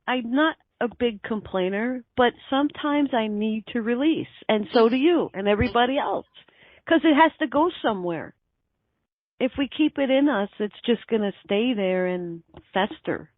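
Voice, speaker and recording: A woman's voice: on the high side, expressive, moderate pace, no room sound. A woman guest on an online radio show, chatting casually and easygoingly, laughing often. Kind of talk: casual chat. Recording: dull lo-fi online radio, dry.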